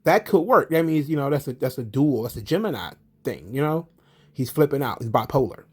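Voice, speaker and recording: A man hosting a casual wrestling commentary, talking in an animated, profane, rambling way with lots of fillers. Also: mid-range voice, brisk, breathy edge.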